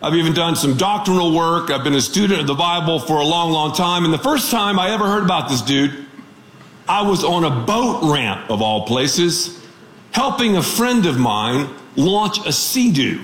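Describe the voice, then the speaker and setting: A man preaching a radio sermon as a pastor, telling stories in an animated, joking way. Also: a little high, moderate pace, roomy sound.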